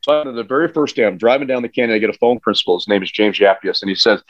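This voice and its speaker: A man, a high school football coach, telling stories in a casual podcast chat, earnest and emphatic with frequent restarts. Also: steady tone, very fast, hardly any pauses, no echo. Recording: dull, dry lo-fi sound.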